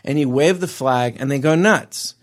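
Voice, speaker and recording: A man's voice: mid-range voice, normal speed. A man co-hosting a comedy podcast, trading playful absurd jokes in casual chat. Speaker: podcast co-host.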